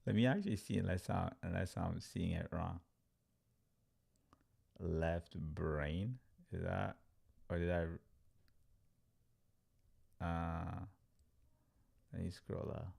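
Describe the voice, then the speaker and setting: A man teaching crypto trading on a livestream, talking in an animated, story-driven way with lots of fillers. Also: sits low, takes it slowly, vocal fry, pauses often, husky. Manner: animated storyteller, acts out quotes, filler-heavy "like". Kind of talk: livestream talk to viewers.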